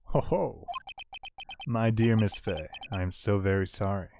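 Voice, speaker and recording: A man's voice: lowish voice, measured pace, vocal fry, background noise. A man voicing a smug, scheming middle-aged male villain with an oily, gloating delivery, as he reads game dialogue aloud. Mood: gloating menace.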